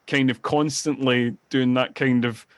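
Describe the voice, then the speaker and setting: Male podcast co-host, medium pitch, dry close sound, rambling animated retelling of film scenes. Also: a little slow, dry recording. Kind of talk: casual film-review chat.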